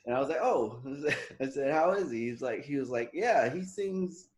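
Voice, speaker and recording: Animated storytelling man in echoey room. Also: mid-range voice, normal speed. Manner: animated, laughing, acts out quoted dialogue. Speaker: podcast co-host. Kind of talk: casual storytelling chat.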